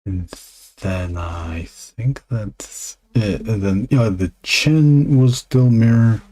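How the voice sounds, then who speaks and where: Drawing comics during a live stream, a man talks in a quiet near-whisper into his desk microphone, reflecting with pauses in a warm tone.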